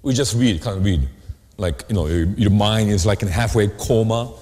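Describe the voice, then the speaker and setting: A man preaching a sermon as pastor, animated, often asking the congregation questions. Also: on the low side, moderate pace. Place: church sanctuary. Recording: long hall reverb.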